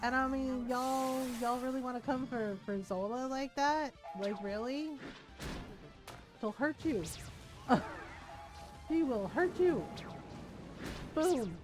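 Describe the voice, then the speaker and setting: A woman streamer chatting casually while playing a game, animated and swearing freely. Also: high voice, slow pace, long pauses, music in the background, poor audio. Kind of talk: casual gameplay commentary.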